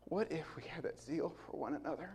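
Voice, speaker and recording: A man's voice: on the high side, a little fast, a little mellow, slight background noise. A man in his forties preaching a sermon in an earnest, emphatic way, building his points through repetition.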